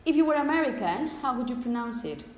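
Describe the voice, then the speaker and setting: Lecturing on phonetics, a woman with a high, animated voice takes things slowly, repeating herself and often asking "okay?" The room is echoey, with long reverb and a faint hiss.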